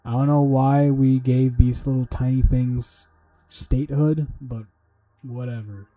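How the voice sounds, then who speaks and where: Speaking unhurriedly in a mellow, medium-pitched voice with fairly even intonation, a man talks to himself during a study livestream. Faint music sits behind him as he swears and comes up with goofy mnemonics.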